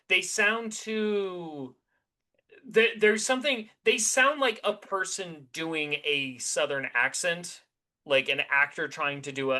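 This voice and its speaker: A man's voice: on the high side, sharp tone. A man co-hosting a podcast, chatting casually and rambling animatedly through his opinions with many restarts. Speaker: podcast co-host.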